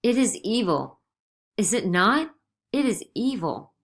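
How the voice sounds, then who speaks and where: A woman's voice: mid-range voice, a little slow, pitched above the performer's own voice, close to an everyday voice. A woman reading as an anguished, defiant farmer. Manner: pained and raised. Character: anguished middle-aged farmer, torn and defiant. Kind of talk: dramatized play reading.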